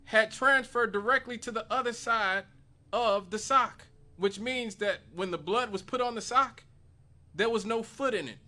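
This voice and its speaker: Radio host guy, high bright voice, pushy, keeps making his case point by point. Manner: emphatic, building an argument with rhetorical questions. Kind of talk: talk radio monologue.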